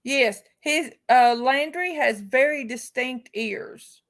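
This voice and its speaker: Woman doing a casual live stream, slow drawn-out talk, kinda gravelly, chatting straight at her viewers. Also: high voice, fairly bright tone. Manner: outspoken, heartfelt, talks straight to chat viewers. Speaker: livestream host.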